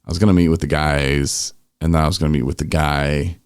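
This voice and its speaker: A man's voice: extremely low pitch, steady tone, fairly quick, clean tone, no room sound, clean studio sound. A man hosting a recovery podcast in easygoing, rambling casual chat, restarting his sentences often. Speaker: podcast host.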